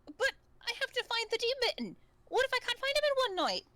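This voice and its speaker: A sheltered young adventurer asks eager questions in a put-on accent, as a woman plays her. Her voice sits very high and swoops widely, bright and close in a dry sound. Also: big pitch swings, a little fast, no room sound, full character voice. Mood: worried. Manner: wide-eyed, eager questions.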